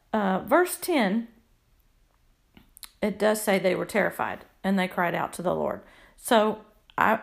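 A woman's voice: medium pitch, vocal fry. A woman reading scripture aloud and then explaining it in a chatty, devotional Bible study with small laughs.

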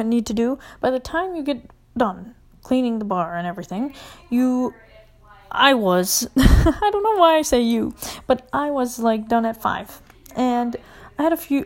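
A young adult woman telling a casual story, rambling and swearing, full of "like", often dropping to a whisper. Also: on the high side.

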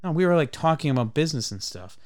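Brief: podcast host, man, animated profane storyteller, dry close sound. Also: fairly high pitch, fast talker, no echo. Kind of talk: casual chat, storytelling.

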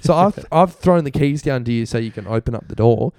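A man's voice: mid-range voice, fairly quick, no echo, clean studio sound. Australian man telling a laughing story. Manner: laughing, animated retelling with acted quotes. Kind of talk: casual storytelling chat.

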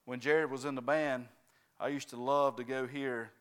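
A male preacher delivers a sermon, working the congregation with steady calls of "right?" and "amen?". His voice is smooth and resonant, sitting at an ordinary middle pitch for a man. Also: normal speed.

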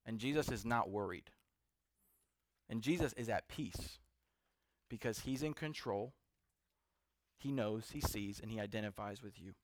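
A man preaching a sermon to a seated congregation, earnest, building to emphatic peaks and then dropping soft. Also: on the low side, a little slow, pauses often, no echo, clean studio sound. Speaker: pastor.

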